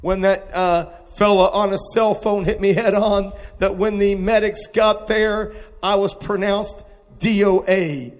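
A man preaching a testimony sermon, moving between quiet storytelling and shouted exclamations. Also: high voice, steady tone, a little slow. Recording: long hall reverb.

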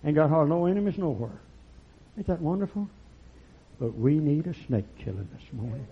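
A man preaching a fiery, folksy sermon that swings from low murmurs to loud shouts. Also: lively intonation, a little fast. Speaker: pastor. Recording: lo-fi recording.

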